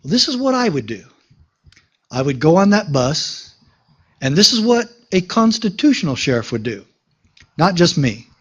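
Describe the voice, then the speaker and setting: A man's voice: a little high, big pitch swings, normal speed, pauses often, a bit bright, breathy edge. A man, a sheriff, giving an emphatic political rally speech to a crowd at an outdoor park gathering, telling a story and calling out questions to the audience.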